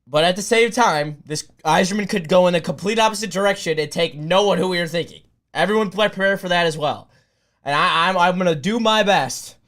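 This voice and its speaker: A young man with a voice a bit higher than most, talking loosely to his live chat. He drifts between relaxed, rambling asides and loud bursts of excited cheering. It sounds like an unscripted live stream. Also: normal speed. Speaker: streamer hosting a draft watch party.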